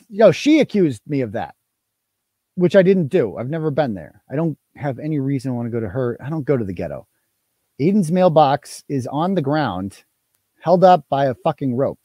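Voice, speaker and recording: Lively, profane male live-stream host. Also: mid-range voice, dry recording, studio quality. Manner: profane, mocking, rambling. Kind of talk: casual live-stream commentary.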